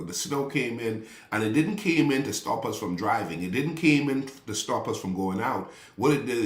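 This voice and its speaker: A man preaching a sermon to his congregation in a loose, conversational way, repeating phrases and calling out people by name. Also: lowish voice. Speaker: pastor. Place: church sanctuary. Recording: echoey room.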